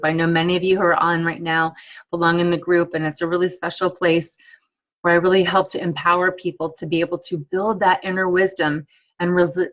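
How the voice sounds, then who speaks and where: Woman tapping coach, low-ish voice, soothing and encouraging, lo-fi stream sound. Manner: slow, soothing repeated affirmations; warm, encouraging chat with viewers. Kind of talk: live-streamed guided tapping lesson.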